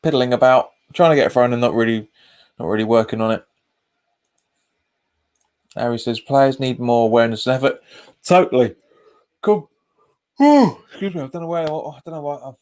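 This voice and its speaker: A man at a middling pitch talks casually through a live football watch-along. He reads out viewer comments and answers them, often saying the same phrase twice. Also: brisk, pauses often, darkish tone. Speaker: fan channel host.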